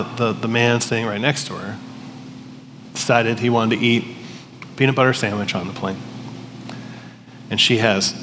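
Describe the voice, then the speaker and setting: A man giving a sermon in a casual, storytelling manner, stumbling over words now and then. His mid-pitched voice carries a long hall reverb over faint background noise. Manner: conversational, storytelling with restarts. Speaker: pastor.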